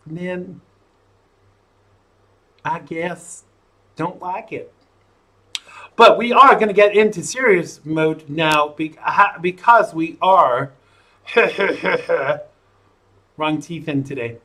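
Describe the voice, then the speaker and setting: A man's voice: on the high side, very slow, long pauses, bright, forceful tone. A man hosting a live-streamed talk show, chatting in a playful, jokey way as he sets up the broadcast. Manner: playful, jokey, self-amused.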